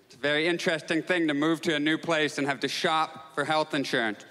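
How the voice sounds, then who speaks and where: A man performing a stand-up comedy set, telling neurotic, self-mocking stories and jumping into high excited outbursts. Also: brisk, background noise. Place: stage in a comedy club with audience. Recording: live club recording with long reverb, faint crowd.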